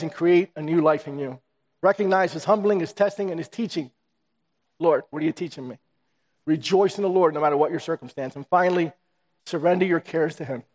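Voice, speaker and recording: A man's voice: fairly high pitch, a little mellow. A man preaching a sermon and telling a personal testimony, acting out the dialogue animatedly in a church. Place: church sanctuary. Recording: reverberant hall.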